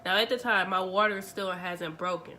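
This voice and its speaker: A young woman, telling a story to her vlog audience in a chatty, animated way, acting out the dialogue. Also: mid-range voice, moderate pace, soft background music. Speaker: vlogger. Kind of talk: casual storytelling.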